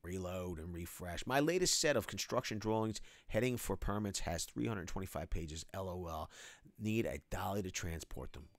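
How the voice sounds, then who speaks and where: Animated man hosting a livestream. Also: deep voice, moderate pace, dry recording. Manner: animated, reads chat names aloud, shout-outs. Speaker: livestream host. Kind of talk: casual livestream Q&A, reading chat.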